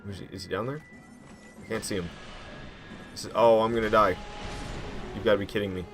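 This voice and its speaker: A man giving casual, excitable commentary while playing a video game, slangy and quick to mock himself. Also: on the low side, over music. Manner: excitable, self-mocking, slangy. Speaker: gaming commentator.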